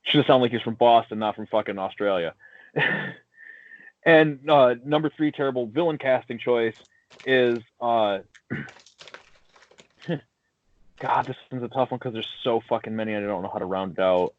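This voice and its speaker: A man co-hosting a casual podcast chat, swearing freely and giving blunt, animated opinions. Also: medium pitch, normal speed, pauses often. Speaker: podcast co-host. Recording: dull lo-fi sound, dry.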